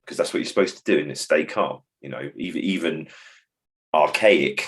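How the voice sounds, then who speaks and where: In a podcast conversation, a man with a bass voice, speaking at normal speed, reflects and drifts between topics. He works as a behaviour support trainer and acts out phrases while he talks.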